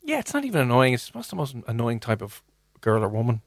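An Irish man hosting an evening radio show, chatting and teasing in quick banter. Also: mid-range voice, wildly swooping pitch, no room sound, studio quality. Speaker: radio host. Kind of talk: casual radio chat.

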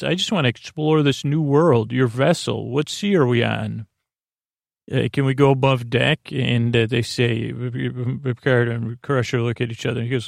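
A man hosting a sleep podcast, slowly recapping a TV episode in a meandering, halting way with many fillers. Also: medium pitch, creaky, no room sound, studio quality. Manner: meandering, halting, full of uh and restarts. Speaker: podcast host.

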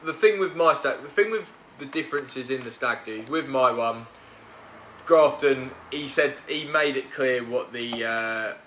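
A man's voice: mid-range voice, measured pace, fairly bright tone, echoey room, a little hiss or hum. A man hosting a podcast, chatting casually with his mates and telling self-deprecating stories. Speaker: podcast host.

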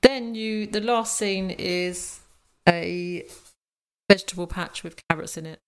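A woman's voice: on the low side, measured pace, clear, resonant tone. A woman co-hosting a casual film review podcast, asking puzzled questions about the plot. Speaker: podcast co-host.

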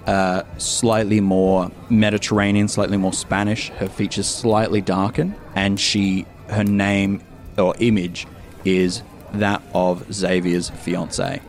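A man, a player describing his character, speaking thoughtfully with halting restarts. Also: sits low, little pitch movement, faint music behind. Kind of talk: discussing and narrating a tabletop game.

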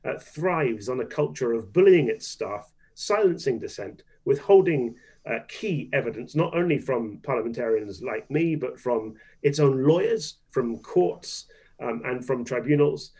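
A man's voice: mid-range voice, animated, measured pace, darkish tone, slightly rough. A man, a politician guest on a radio interview, speaking emphatically and repeating phrases for stress.

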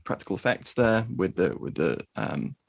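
A man co-hosting a podcast, talking about a film in a relaxed, measured way. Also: sits low, creaky, dry recording, clean studio sound. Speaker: podcast co-host. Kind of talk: casual film discussion.

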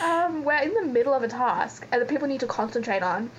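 A woman's voice: high voice, lively intonation, fast. A woman co-hosting a podcast, chatting and rambling in a self-mocking way. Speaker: podcast co-host. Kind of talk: casual chat recapping a reality show. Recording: dull lo-fi sound with faint noise.

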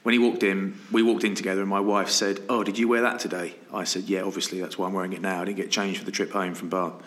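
Bright-voiced man telling stories. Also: low-pitched, little pitch movement, quick pace, reverberant. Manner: storytelling, laughs often, acts out quoted friends. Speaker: podcast co-host. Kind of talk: casual chat.

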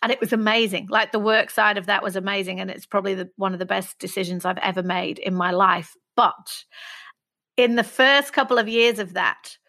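A woman's voice: medium pitch, steady tone, a little fast, sharp tone. A middle-aged woman from England talking candidly and reflectively in an interview, sometimes laughing at herself. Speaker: guest.

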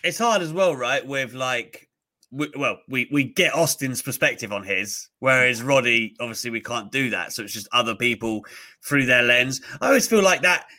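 A man's voice: mid-range voice, normal speed. A man co-hosting a casual live-streamed talk show, chatting loosely and reading out names from the live chat. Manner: animated, breaks into mocking impressions. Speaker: podcast co-host.

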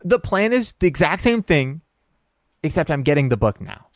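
A man's voice: a little high, big pitch swings, moderate pace, dry recording, studio quality. A man playing a tabletop role-play game, insistent and repetitive, stammering through restarts. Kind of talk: casual role-play chat.

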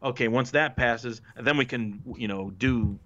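Guy telling backstage stories on a podcast, swears a lot, pops his voice up for quotes, kinda dull lo-fi audio. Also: a little slow. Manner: animated, acts out quotes with raised pitch, swears freely. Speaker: former wrestling writer, interview guest. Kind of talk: casual storytelling interview. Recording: muffled lo-fi audio.

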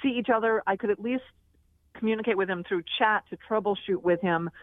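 A woman's voice: medium pitch, fairly quick, no echo. A woman guest gives upbeat, practical career advice and walks through it step by step. She comes through a thin, tinny phone line. The sound is dry. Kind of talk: radio interview advice.

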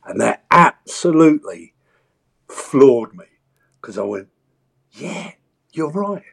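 A man's voice: mid-range voice, slow pace, gravelly, breathy edge. A man, an actor chatting as an interview guest and acting out quotes as he tells stories. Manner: animated storyteller, acts out voices and quotes. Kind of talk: casual interview chat.

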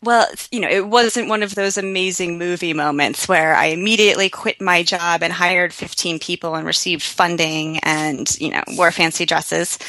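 A woman from the United States, an entrepreneur telling her founding story in an interview, animated and quick with asides. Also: on the low side, no echo, low-quality recording. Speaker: guest entrepreneur.

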